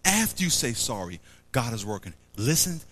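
A man's voice: medium pitch, moderate pace, slight background noise. A man preaching a sermon to a live audience, acting out little scenes, repeating himself and quizzing the crowd. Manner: animated, acts out little scenes and quotes.

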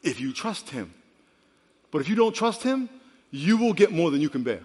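Male pastor, 50s, fairly high voice, lively sermon storytelling, long church-hall reverb. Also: normal speed, husky. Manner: animated storytelling, swings from quiet to loud.

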